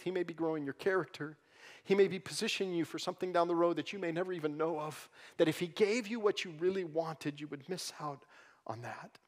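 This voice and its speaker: A man delivers a sermon from a church pulpit in a voice pitched a little above the usual for men. He moves between quiet, hushed moments and loud, quick, emphatic stretches of preaching. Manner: swings from soft, hushed lines to loud, fast, emphatic preaching. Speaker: pastor. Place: church sanctuary.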